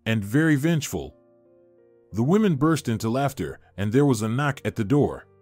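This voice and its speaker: Lively man narrating a story. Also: mid-range voice, brisk, dry recording. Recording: dry studio voice-over with faint music.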